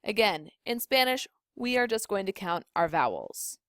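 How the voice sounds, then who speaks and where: A young woman teaching a recorded video lesson, explaining rules clearly and slowing down on key points. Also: medium pitch, very animated, dry recording, studio quality. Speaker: Spanish teacher.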